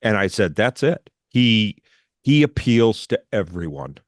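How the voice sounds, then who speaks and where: A man's voice: lowish voice, big pitch swings, a little slow, dry recording, clean studio sound. A man co-hosting a comedic political talk radio show with wry, teasing remarks. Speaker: radio co-host. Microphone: studio mic.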